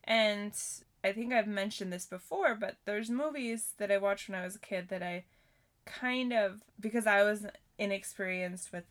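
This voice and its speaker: A woman with a mid-pitched voice chats through a casual podcast. She rambles a little, leaning on "like" and "um" as she gathers her thoughts. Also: moderate pace, a bit bright. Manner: chatty, rambling, frequent fillers and laughs. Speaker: podcast co-host. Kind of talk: casual chat.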